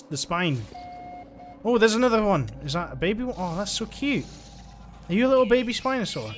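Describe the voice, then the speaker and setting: A man commentating his own gameplay in an excitable, gushing way, laughing often. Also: a little high. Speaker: gaming channel host. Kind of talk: let's play commentary. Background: faint game music.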